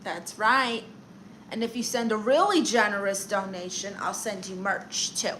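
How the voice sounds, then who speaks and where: A woman's voice: mid-range voice, fairly bright tone, slight background noise, natural voice, low-quality recording. A woman playing a brash, vain aunt who calls herself a therapist, bantering and boasting as she reads out chat on a livestream. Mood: sassy. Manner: sassy, boastful, fast comebacks. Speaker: livestream comedian reading chat.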